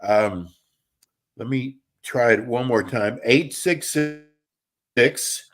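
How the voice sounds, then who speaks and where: A man's voice: mid-range voice, extremely slow. A man hosting a live radio talk show, chatty and folksy, sometimes losing his train of thought. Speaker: host. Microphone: remote call with a bad connection.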